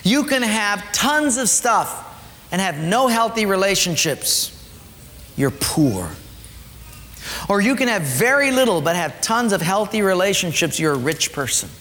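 A man preaching a sermon, emphatic, dropping his voice low to drive his points home. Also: animated, a little slow, bright, forceful tone. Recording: echoey hall, faint ambience.

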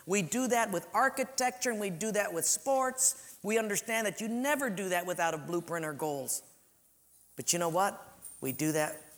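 Emphatic high-voiced male preacher. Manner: emphatic, swings from loud to soft, slows to stress points. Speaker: pastor. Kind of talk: sermon.

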